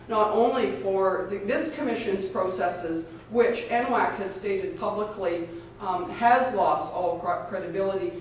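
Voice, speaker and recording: A woman, a lawyer and advocate, gives an earnest, hurried public speech at an event, often restarting her sentences. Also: mid-range voice, darkish tone. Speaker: lawyer and advocate speaking at a rally. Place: lecture hall at a public event. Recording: echoey hall, far from the mic, faint noise.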